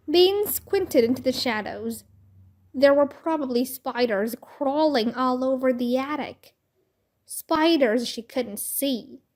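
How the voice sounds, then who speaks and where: Slow high-voiced woman reading a storybook. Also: a little mellow. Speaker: children's book reader. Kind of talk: reading a children's book aloud.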